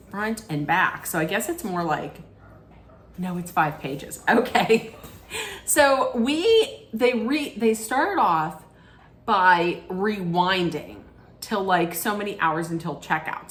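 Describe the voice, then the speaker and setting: A middle-aged woman recapping a reality show in a casual, rambling way, often correcting herself mid-sentence and throwing in animated asides. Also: on the low side. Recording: echoey room with faint ambience.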